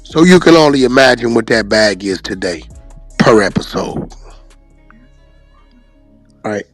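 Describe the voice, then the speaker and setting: A man hosting a reaction show stops the clip to argue his point, blunt and profane. His voice is mid-pitched and sounds close and dry, with faint music behind. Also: lively intonation, unhurried, dry recording. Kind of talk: confrontational commentary.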